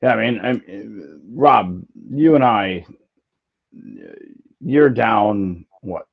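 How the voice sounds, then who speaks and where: A man with a fairly low voice hosts a loose, joking betting podcast and trips over his words as he goes. The audio comes through a bit dull and lo-fi. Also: expressive, drawn-out words, creaky. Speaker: podcast host. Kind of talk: casual sports betting podcast chat.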